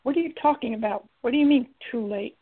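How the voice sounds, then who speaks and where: A woman's voice: fairly high pitch, fast talker, natural voice. A woman voicing an intense young male demon who speaks earnestly and urgently. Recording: tinny lo-fi recording.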